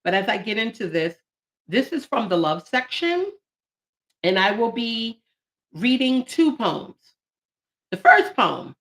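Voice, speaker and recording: A woman in her late forties hosting a live stream, talking warmly and emotionally about her poetry book and the people she dedicated it to. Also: on the high side, slow pace, pauses often. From United States. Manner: heartfelt, emotional, animated bursts. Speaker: channel host and poet.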